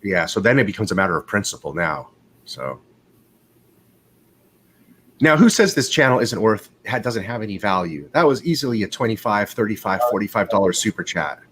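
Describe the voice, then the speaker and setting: A man hosting a casual live chat show from home in California, telling stories in a rambling, profane, animated way over a video call. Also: lowish voice, fairly quick, a little hiss or hum. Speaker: host of a live watch show.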